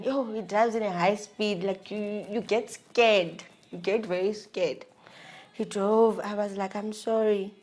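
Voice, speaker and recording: A young woman with a South African accent, telling a personal story in an animated, laughing, slangy way. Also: medium pitch. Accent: South African English. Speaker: vlogger. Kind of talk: storytelling about her marriage.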